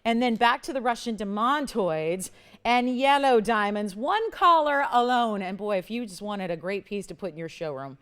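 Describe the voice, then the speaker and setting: A woman hosting a live TV jewelry shopping show, giving an enthusiastic, emphatic sales pitch. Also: smooth. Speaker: shopping channel host.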